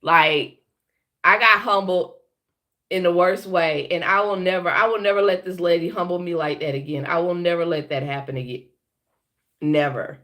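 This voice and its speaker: A woman's voice: lowish voice, fairly even intonation, moderate pace, pushed and bright. A woman hosting a casual live stream, blunt and swearing freely, a bit sick and talking with a slight lisp from her braces. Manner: blunt, swearing, greets chat viewers by name. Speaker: live show host.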